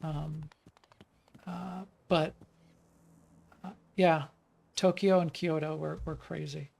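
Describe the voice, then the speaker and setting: A game developer from the United States talks through a live stream while playing, rambling from one thought to the next. The voice has a gravelly, creaky edge and sits at an ordinary middle pitch. The speech is loose and unscripted, full of ums, uhs and restarted sentences. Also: steady tone, takes it slowly, a little mellow. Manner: rambling, chatty, lots of fillers and restarts. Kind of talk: live stream gameplay chat.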